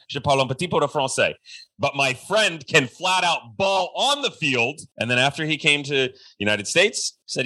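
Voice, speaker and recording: A man hosting a sports podcast, with a bright, forceful voice. He delivers a loud, energetic hype-man introduction and keeps a casual, joking tone. His pitch sits in a middle range for a man. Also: normal speed. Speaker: podcast host. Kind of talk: hyped-up casual interview.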